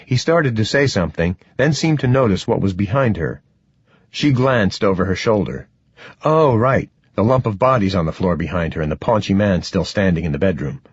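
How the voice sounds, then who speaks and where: A man narrating an audiobook in a measured, expressive reading. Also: low voice, husky, dry recording. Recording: dull, dry, slightly muffled.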